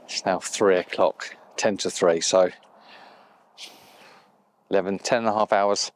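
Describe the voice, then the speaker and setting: Guy vlogging outside by a loch, low voice, excited but hushed, sometimes whispering. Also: a little slow, slight background noise. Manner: enthusiastic, softly spoken, at times whispering. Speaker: landscape photographer. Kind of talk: outdoor photography vlog. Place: outdoors beside a loch on a moor.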